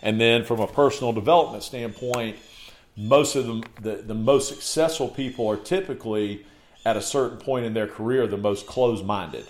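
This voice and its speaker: A man's voice: medium pitch, normal speed. A man as a podcast guest in casual conversation, laying out his points in emphatic lists and checking in with "okay".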